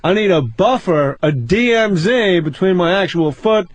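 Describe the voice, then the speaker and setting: A man's voice: sits high, lively intonation, moderate pace. A man doing a whiny, fussy stand-up comic. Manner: whiny, exasperated complaining. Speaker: comedian guest.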